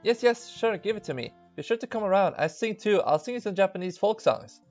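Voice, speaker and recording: A man's voice: high voice, very animated, a little fast, a little mellow, dull audio, voice pushed up. A man voicing a cheerful, chatty young girl from a music club who talks in an eager, friendly rush.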